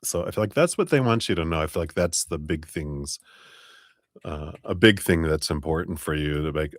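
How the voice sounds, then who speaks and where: Deep-voiced man giving a tarot reading. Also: normal speed, no room sound, studio quality. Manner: chatty, laughing often, stretching words for emphasis. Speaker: tarot reader. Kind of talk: live-stream tarot reading.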